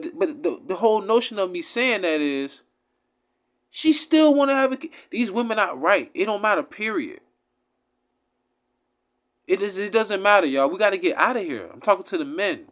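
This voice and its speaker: A man giving an impassioned, profane religious rant, swinging between loud outbursts and low mutters. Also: expressive, normal speed, pauses often. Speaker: religious commentator.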